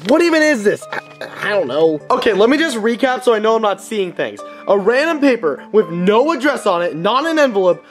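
Give me a bratty young prince who whines and complains, played by a young man. His pitch swings all over the place as he grumbles. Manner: whiny, animated, complaining. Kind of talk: fan puppet video acting.

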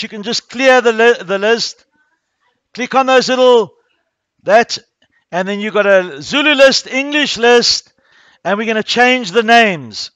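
Teacher, man, very high voice, dry close sound, walks the class through each step. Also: fairly bright tone, clean tone, no echo. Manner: talks through each click step by step, addressing pupils. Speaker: primary school coding teacher. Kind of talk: classroom coding tutorial. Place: school classroom.

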